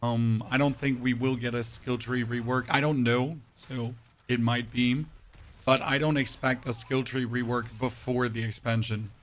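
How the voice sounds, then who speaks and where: A game streamer with a hoarse, nearly worn-out, mid-range voice chats casually with his audience while playing. He speaks in a flat monotone at normal speed, often tossing "right?" to chat.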